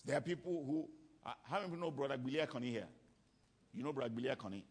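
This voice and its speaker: Husky preacher, emphatic. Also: male voice, mid-range voice, very fast. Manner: emphatic, repeats key lines. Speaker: preacher teaching on ministry. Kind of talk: sermon.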